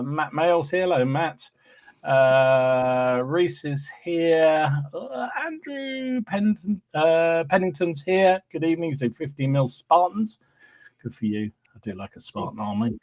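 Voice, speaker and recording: A man's voice: fairly high pitch, takes it slowly, darkish tone. A man hosting a podcast, cheerfully reading out live chat greetings with frequent ums and restarts. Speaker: podcast host.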